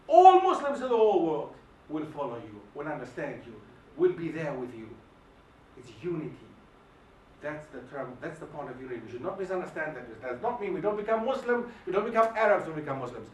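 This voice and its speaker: A man giving an emphatic, animated lecture and firing questions at the audience, recorded in a hall. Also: a little high, brisk, a little hiss or hum. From Germany. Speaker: guest lecturer. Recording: echoey hall, mic at a distance.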